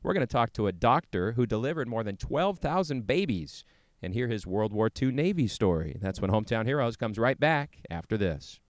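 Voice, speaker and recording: Male host, smooth resonant low voice, dry close read. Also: very animated, dry recording. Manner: measured, earnest presenter delivery. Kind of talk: scripted narration.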